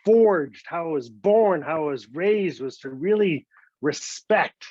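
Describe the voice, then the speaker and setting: A man's voice: a little high, takes it slowly, no echo. A man in his fifties from Canada's Northwest Territories, telling a humorous folk story in a playful, repetitive way, often tagging lines with "eh". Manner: lively, playful, repeats words for effect, ends lines with "eh". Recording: dull, dry lo-fi online recording.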